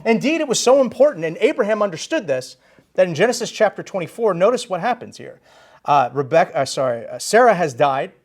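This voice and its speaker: A man preaching a sermon in a church, animated and emphatic, stressing his key phrases. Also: high voice. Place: church sanctuary.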